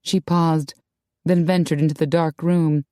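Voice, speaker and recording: A woman reading a romance audiobook in a measured, unhurried way with wry asides. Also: low voice, little pitch movement, warm tone, no echo, clean studio sound. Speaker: audiobook narrator. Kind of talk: scripted narration.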